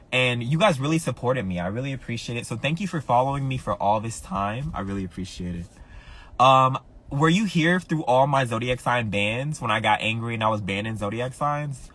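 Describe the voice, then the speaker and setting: A man's voice: medium pitch, fairly bright tone. Chatty man repeating himself to viewers. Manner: repeats phrases, talks straight to viewers. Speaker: astrologer. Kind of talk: casual live-stream chat.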